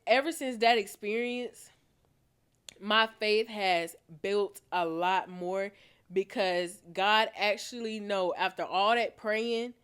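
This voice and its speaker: A woman's voice: mid-range voice, fairly bright tone, clear, resonant tone. A young woman, hosting a podcast and telling a personal story in a candid way, with emphatic repetition. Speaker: podcast host.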